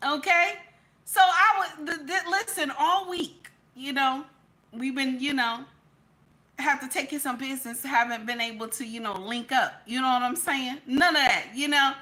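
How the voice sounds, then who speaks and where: Female stream host, chatty and animated, forceful bright tone. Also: sits high, normal speed. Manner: animated, repeats "okay?" constantly. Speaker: livestream host. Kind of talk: casual chat reading viewer comments.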